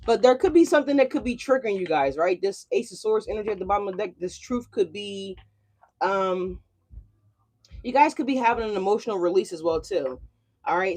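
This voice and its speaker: A woman's voice: on the low side, darkish tone, slight background noise. A woman doing a casual tarot reading for her channel, chatty and a little profane, calling her viewers y'all. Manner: loose and profane. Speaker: tarot reader. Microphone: desk mic.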